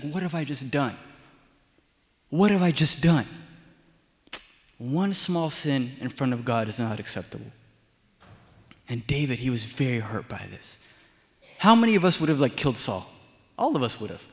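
Young guy preaching in church, chatty filler-heavy storytelling, bit high voice, long hall echo. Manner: casual storytelling with frequent fillers. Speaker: deacon preacher. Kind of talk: sermon. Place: church sanctuary.

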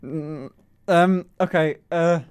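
A man's voice: on the high side, steady tone, slow pace, clear, resonant tone. A young man streaming live, casually chatting, flustered and stammering with nervous laughs.

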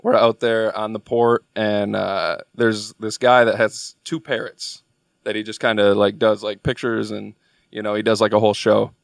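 A man's voice: lowish voice, flat delivery, moderate pace, creaky, dry recording, clean studio sound. A young man, a podcast guest, telling a long story in a rambling, casual way with lots of filler words. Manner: rambling, filler-heavy delivery.

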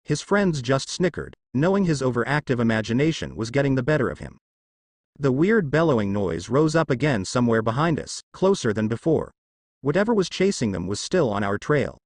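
A man reading fan fiction aloud in an expressive way. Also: mid-range voice, brisk, no echo, clean studio sound. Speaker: narrator.

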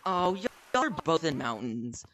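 A male gameplay host teasing his friends in excited gaming commentary, with loud outbursts. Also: a little high, measured pace.

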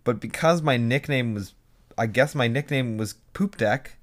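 A young man co-hosting a podcast, chatting casually and telling animated stories. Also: medium pitch. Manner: animated storyteller, quick bursts and impressions. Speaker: podcast co-host. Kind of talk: casual chat.

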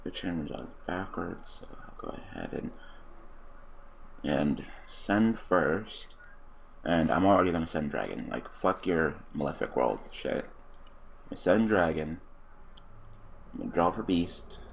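A man giving casual let's-play commentary, cursing freely and breaking into loud, excited outbursts and laughter. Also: low-pitched, unhurried, gravelly, long pauses, a little hiss or hum. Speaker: gaming commentator.

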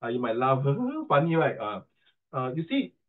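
A man's voice: medium pitch, huge pitch swings, moderate pace. Give me a joking Singaporean male tutor teaching online, over a tinny phone line. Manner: playful, joking, rhyming wordplay. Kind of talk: online class lecture.

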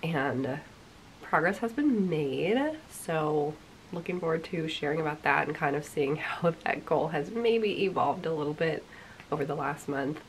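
A young woman hosts a knitting podcast while congested from a cold, her voice sounding sick as she chats casually and a bit self-deprecatingly. She speaks low-pitched, animated, and a little slow, with a faint hiss or hum in the recording.

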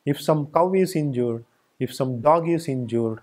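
A man's voice: mid-range voice, a little slow, a little mellow. A man giving a spiritual discourse, speaking emphatically and building his points through repeated phrases. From India. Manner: emphatic, repetitive lists. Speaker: spiritual teacher. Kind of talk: satsang discourse.

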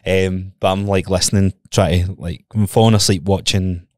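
Lower-pitched Scottish man telling stories. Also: steady tone, moderate pace, darkish tone, no echo, clean studio sound. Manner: swearing storyteller, chuckling often. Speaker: podcast co-host. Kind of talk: casual chat.

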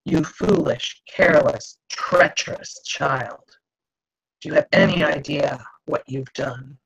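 A cold, furious father figure who speaks slowly and softly, with a gravelly, husky edge, as a woman puts him on in a book reading. The sound is dull and lo-fi, like a video call. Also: rumbling low, exaggerated voice. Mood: cold fury. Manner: slow, quiet, menacing. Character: stern furious father sorcerer, soft and deadly.

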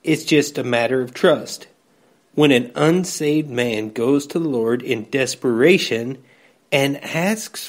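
Slow, measured male preacher. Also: medium pitch. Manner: slow, measured reading with scripture quotes. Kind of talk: devotional sermon.

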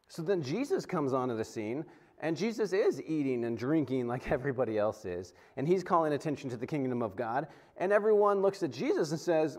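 A man's voice: on the high side, moderate pace. A man, a pastor, preaching a sermon in a conversational way, often stumbling and restarting and acting out quotes. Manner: conversational, animated, frequent restarts and acted-out quotes.

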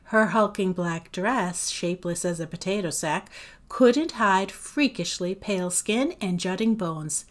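A woman teacher reads a chapter of a novel aloud, taking her time over every line. Her storytelling is measured and expressive, in a mid-range voice with an unhurried pace. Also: fairly low pitch.

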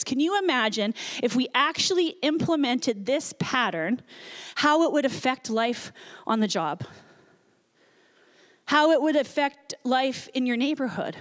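A woman pastor delivers a sermon in a high-pitched voice. She tells her story with animated, earnest energy and speaks plainly to her listeners. She sounds middle-aged.

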